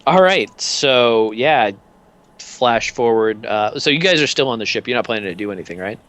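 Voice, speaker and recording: A man's voice: mid-range voice, animated, moderate pace, fairly bright tone. A man narrating as game master in a tabletop game, in a loose, filler-heavy way.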